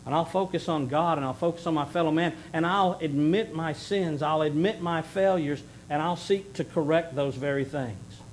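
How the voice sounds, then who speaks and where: Earnest preacher man, fairly high voice. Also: normal speed, hardly any pauses, a little hiss or hum, rough recording. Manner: earnest preaching, swings between loud emphasis and hushed pleading. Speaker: pastor. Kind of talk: sermon.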